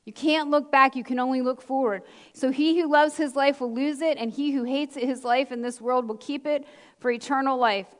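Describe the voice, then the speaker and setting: High-voiced woman pastor preaching earnestly. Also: normal speed. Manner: earnest, emphatic preaching with repetition and asides. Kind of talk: sermon.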